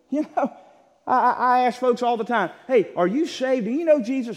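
A man preaching a sermon in an emphatic, repetitive style with bursts of shouting. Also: extremely high pitch, normal speed. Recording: church sanctuary with long reverb.

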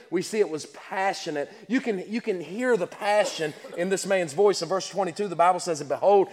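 A man preaching a sermon with passion, repeating words and restarting his sentences. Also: sits high. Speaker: pastor. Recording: long hall reverb.

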